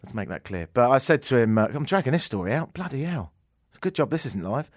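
A man's voice: mid-range voice, big pitch swings, fast talker, dry recording, clean studio sound. A man with an English accent hosting a radio show, telling a rambling, self-mocking story in a casual, joking way. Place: radio studio.

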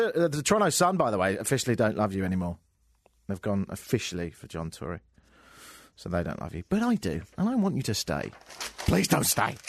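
In a radio studio, an English man hosts a talk show, riffing sarcastically and jokily on the news into a studio microphone. His voice is fairly low, and the recording is dry.

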